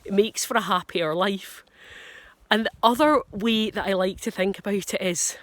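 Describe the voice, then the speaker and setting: A woman's voice: medium pitch, moderate pace, no room sound. Frank Scottish woman giving advice. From Scotland. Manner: frank, plain-spoken, self-deprecating. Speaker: dog trainer. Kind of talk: casual advice talk to camera.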